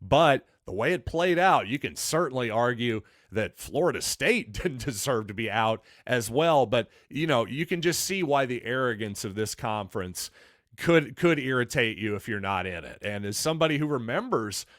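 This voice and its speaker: A man's voice: mid-range voice, animated, moderate pace, fairly bright tone, no echo, clean studio sound. A man hosting a solo sports podcast, talking in an opinionated, conversational and wry way.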